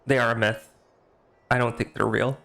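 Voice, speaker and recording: Here a man talks at a moderate pace in a level, medium-pitched voice that's creaky and a bit bright. He's streaming a game live, chatting casually in a rambling way, frequently uncertain and making fun of himself.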